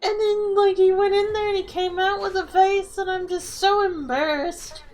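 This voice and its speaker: Animated woman telling embarrassing stories. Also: very high-pitched, normal speed, poor audio. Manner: laughing storyteller, animated. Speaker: streamer. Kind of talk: casual chat. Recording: faint music behind.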